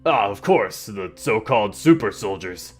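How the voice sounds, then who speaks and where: A man's voice: fairly low pitch, moderate pace, soft background music, natural voice. A man reading as an arrogant scientist. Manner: haughty, dismissive. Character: arrogant, neat male scientist, condescending.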